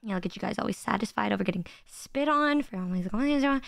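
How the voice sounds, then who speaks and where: A woman's voice: medium pitch, lively intonation, fast, gravelly, hardly any pauses, no echo, studio quality. A woman streamer in casual chat with her viewers, rambling and playfully crude, often stammering and repeating words.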